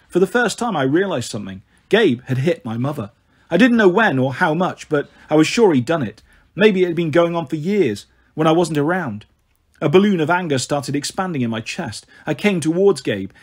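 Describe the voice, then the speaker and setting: A man reading an audiobook aloud as a first-person narrator, steady storytelling. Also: on the high side, brisk, slightly rough. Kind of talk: scripted narration.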